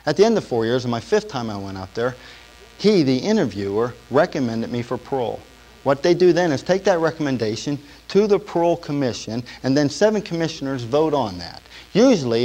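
A man preaching a personal testimony, telling his story and asking the congregation questions, shifting between hushed and emotional passages. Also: a little high, rough recording. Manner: storytelling, asks the audience questions; swings from quiet to loud and emotional. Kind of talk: sermon testimony.

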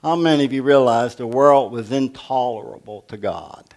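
A man's voice: mid-range voice, normal speed, darkish tone. An older man preaching a sermon as pastor, folksy and humorous, asking the congregation questions.

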